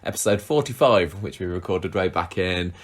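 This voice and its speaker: A man's voice: low voice, expressive, normal speed. A man hosting a podcast, giving an upbeat introduction. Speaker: podcast host.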